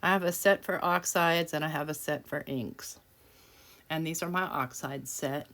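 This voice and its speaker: A woman's voice: sits low, normal speed, fairly bright tone. A woman hosting a craft tutorial, chatting casually and self-deprecatingly while she works, laughing often. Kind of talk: casual craft demonstration voice-over.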